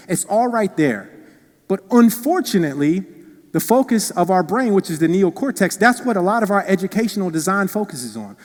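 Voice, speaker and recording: A man giving a motivational keynote speech, telling animated stories with playful asides, recorded on stage in a large hall. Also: high voice. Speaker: keynote speaker. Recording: long reverb in a large hall.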